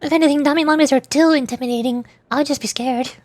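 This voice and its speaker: A woman's voice: sits high, fairly even intonation, quick pace, darkish tone. A woman streaming, chatting playfully and giggling as she reads game lines aloud. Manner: playful, giggly, self-teasing. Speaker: VTuber streamer. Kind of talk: casual stream chat, reading game voice lines.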